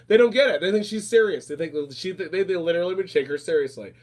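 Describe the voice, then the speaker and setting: Flamboyant male host, rapid casual chat, slightly high voice. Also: darkish tone. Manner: fast, flamboyant, repeats phrases, calls people darling.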